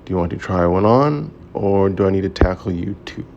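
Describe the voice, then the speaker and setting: A man puts on a poised young woman with a teasing, coaxing manner. The voice sits only a little above his own, so it still stays low, with a gravelly edge under the lift. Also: lively intonation, fairly quick, darkish tone, highs cut off, slight background noise. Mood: playful.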